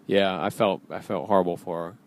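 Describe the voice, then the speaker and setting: A man's voice: low-pitched, fairly even intonation, fairly quick, darkish tone. A man hosting a podcast, chatting casually in a playful way and steering the conversation. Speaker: podcast host. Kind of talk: casual chat.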